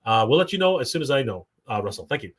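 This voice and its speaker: A man's voice: medium pitch, sing-song, very fast. A man from Canada hosting a live toy stream, reading viewer comments aloud and chatting casually, upbeat with frequent fillers. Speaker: livestream host.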